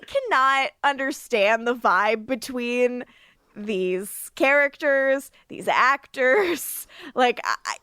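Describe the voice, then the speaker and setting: A woman with a fairly high voice, recapping episodes on a casual rewatch podcast. She talks in an animated way, acts out the characters' lines and laughs often. The sound is dry and close to the mic. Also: slow pace, smooth, dry recording. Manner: animated recapping with acted quotes and frequent laughs. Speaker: podcast co-host.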